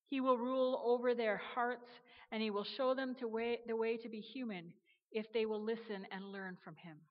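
A patient, tender female God speaking softly and reassuringly, as a woman storyteller puts her on. Her tone stays fairly light in pitch yet quiet and steady. The audio is muffled, with a long reverberant tail. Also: moderate pace, lightly acted. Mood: gentle. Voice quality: soft and low-toned, quietly reassuring. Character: gentle, patient female God, loving and calm. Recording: dull reverberant sound.

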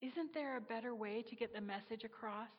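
A jittery, skeptical angel who can't stop blurting out objections, stretching his outraged questions, as a woman storyteller puts him on. The voice sits higher than her narration and punches louder. The recording is muffled and trails off in a long echo. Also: slightly rough. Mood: incredulous. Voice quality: higher and louder, drawn-out exclamations. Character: excitable skeptical male angel, blurting and fussy. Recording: dull reverberant sound.

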